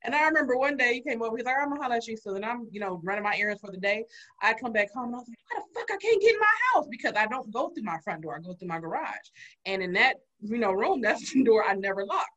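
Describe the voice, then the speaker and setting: A woman hosting a casual podcast chat, telling stories with loud swearing and laughter. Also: a little high, racing, poor audio. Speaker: podcast host.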